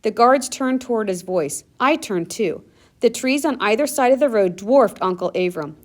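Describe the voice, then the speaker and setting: A woman narrating a first-person story in a measured, earnest audiobook reading. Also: fairly high pitch, expressive.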